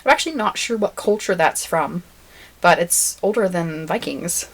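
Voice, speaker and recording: A woman's voice: on the low side, animated, normal speed. A woman co-hosting a podcast in casual chat, laughing often and sharing facts she has looked up. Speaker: podcast co-host.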